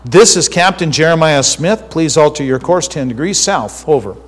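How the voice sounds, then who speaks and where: Brief: angry, pompous male navy captain, shouting commands on the radio, read by a preacher; reverberant space. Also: fairly high pitch, expressive, moderate pace, breathy edge. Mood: commanding.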